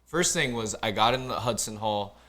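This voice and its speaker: Animated, profane man telling stories. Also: fairly low pitch, normal speed. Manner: animated, profane storytelling with acted-out quotes. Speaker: podcast guest, cook. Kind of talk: casual storytelling chat.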